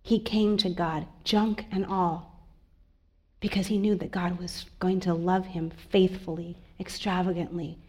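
A woman pastor giving a sermon in a church, earnest and confiding, moving between soft asides and emphatic lines. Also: fairly low pitch, level tone, a little slow.

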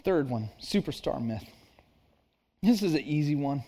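A man's voice: on the high side, lively intonation, a little slow, dark tone. A man preaching a sermon in an earnest, conversational way, acting out little asides. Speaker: pastor.

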